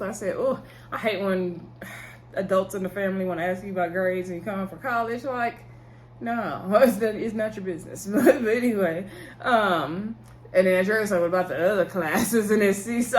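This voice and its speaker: A woman's voice: medium pitch, moderate pace, slight background noise. A woman casually recapping a reality show episode, chatty and slangy, laughing and acting out what people said.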